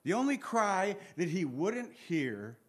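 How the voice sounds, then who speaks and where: Earnest higher-voiced male Bible teacher. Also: sing-song, slow. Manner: earnest, reads scripture aloud and acts out the pleas; conversational asides to listeners.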